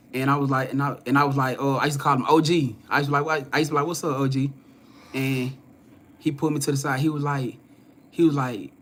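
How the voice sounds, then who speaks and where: Man telling a spiritual story to live viewers. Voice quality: voice swings from loud and animated to low and hushed, acting out other people's lines. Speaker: spiritual reader and host. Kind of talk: casual storytelling to a live audience.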